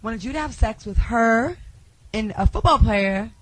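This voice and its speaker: A woman's voice: a little high, a little slow, slight background noise, rough recording. A woman hosting a casual radio talk show, teasing and laughing with callers in the studio.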